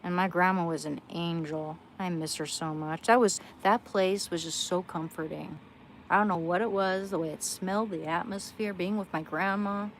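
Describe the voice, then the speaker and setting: A woman's voice: lowish voice, fairly even intonation, normal speed, poor audio. A woman chatting casually on her livestream, rambling and self-deprecating, often trailing off and restarting her sentences. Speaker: livestream host. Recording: loud background noise.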